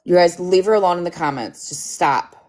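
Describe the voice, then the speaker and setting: A woman's voice: lowish voice, a little fast, a little mellow. A woman hosting a casual livestream, blunt and sweary, scolding her chat and joking around. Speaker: livestream host.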